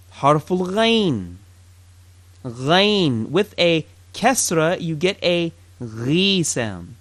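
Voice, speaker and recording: A teacher leads a pronunciation drill at a very unhurried pace. The pitch rises and falls a lot as each syllable is stretched out and repeated. The teacher asks listeners to say it along and drops in small jokes. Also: sing-song. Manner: light, joking asides. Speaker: Arabic teacher. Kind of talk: recorded language lesson, pronunciation drill.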